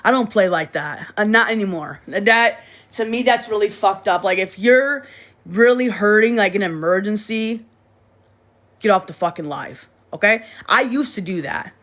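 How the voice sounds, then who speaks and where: A woman talks straight into her phone on a livestream in loose, rambling chat. She keeps restarting and repeating herself, and she speaks bluntly with plenty of swearing. Her pitch sits at an ordinary middle level. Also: normal speed, a bit bright. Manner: rambling and repetitive, frequent restarts. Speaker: livestream host.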